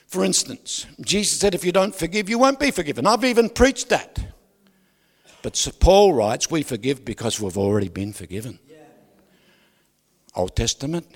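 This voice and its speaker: A male pastor preaching a lively sermon, asking the congregation questions and swinging from loud to soft. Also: high voice. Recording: reverberant hall.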